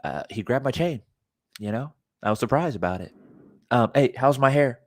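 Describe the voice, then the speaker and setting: A man putting on a mocking version of a soft-spoken, self-satisfied young boxer, breezy and halting with fillers. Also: mid-range voice, animated, no room sound, studio quality, voice pushed down.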